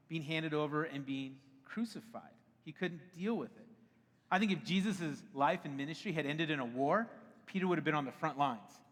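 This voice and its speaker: A man in his thirties preaching from a church stage, talking to the crowd like he is chatting with friends and often laughing at himself. His voice sits a little on the high side. The sound rings with the long echo of a large worship hall. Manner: conversational and animated, laughs often. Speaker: pastor. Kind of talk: sermon. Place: church auditorium.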